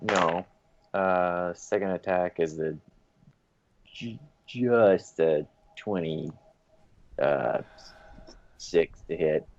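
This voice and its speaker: Tabletop game player: a man with a very deep voice and a hesitant manner, recorded on a dull, lo-fi mic. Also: extremely slow, long pauses. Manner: hesitant, full of ums while tallying dice. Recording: dull lo-fi mic with faint noise.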